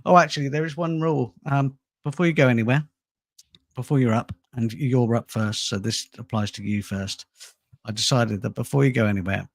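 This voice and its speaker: Middle-aged male stream host, gravelly tone, chatty and self-deprecating. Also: medium pitch, a little mellow, no echo, studio quality. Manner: rambling, self-deprecating, laughs often. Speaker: host and channel producer. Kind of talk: casual live-stream chat.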